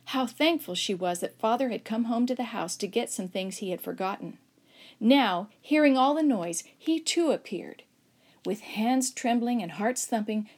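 A woman narrating a children's Bible story aloud, lively and expressive, raising her voice for shouted lines. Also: fairly high pitch. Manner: expressive, acts out shouts and whispers.

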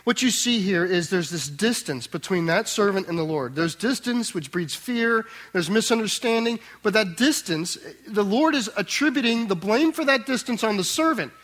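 Man preaching, high voice, dramatic sermon, loud emphasis then soft asides. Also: lively intonation, normal speed, few pauses. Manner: dramatic, swings between loud emphasis and quiet tender asides; acts out the master's voice in quotes. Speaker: pastor.

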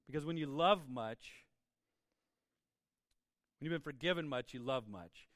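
A man pastor giving a conversational sermon, energetic and informal, often repeating words and asking "right?". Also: medium pitch, normal speed, long pauses, dry recording, studio quality. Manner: swings into quiet acted voices for quotes.

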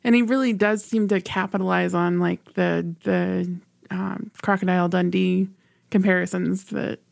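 A woman's voice: fairly low pitch, steady tone, moderate pace, creaky, darkish tone, no room sound, studio quality. A woman guesting on a film podcast, agreeable and giggly, with many short replies. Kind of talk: casual film chat.

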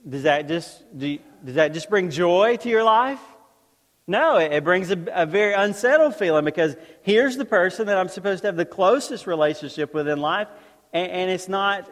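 A man preaching a sermon to a congregation, talking in a conversational way and tossing out rhetorical questions. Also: high voice. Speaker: pastor. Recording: long hall reverb.

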